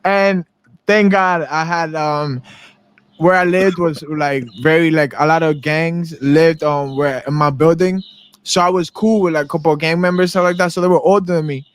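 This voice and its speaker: High-voiced animated young man telling stories. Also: normal speed, clear, resonant tone, no echo. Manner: animated storyteller acting out quotes in different voices. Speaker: podcast co-host. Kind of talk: casual chat, storytelling.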